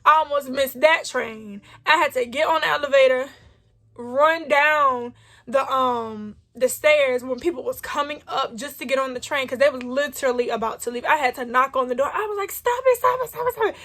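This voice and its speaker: High-voiced young woman telling a story. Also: moderate pace. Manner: chatty, animated retelling with quoted dialogue. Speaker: vlogger. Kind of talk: storytime vlog.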